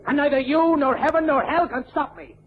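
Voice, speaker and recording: A man's voice: very high voice, brisk, slight background noise. An actor playing a hotheaded young Irish groom who bullies his mother, in old-time radio drama with an Irish accent, on a dull old recording. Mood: defiant.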